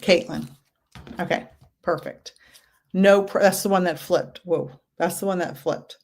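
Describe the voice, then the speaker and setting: A woman giving card readings to a live chat audience, gentle and reassuring, calling out viewers' names again and again. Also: fairly low pitch, unhurried. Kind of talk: livestream reading.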